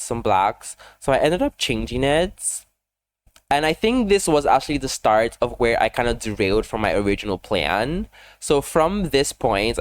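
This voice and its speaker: Fast-rambling chatty young man. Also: mid-range voice. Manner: rambling, fast-talking, self-deprecating, many fillers. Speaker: gaming YouTuber. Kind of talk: casual chatty voice-over over a speed build.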